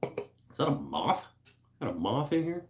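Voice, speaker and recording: Reading viewer comments on a casual livestream from his woodworking shop, a man keeps things laid-back and jokey, with fillers and laughs throughout. His voice is on the high side, swings widely in pitch, and moves at a measured pace.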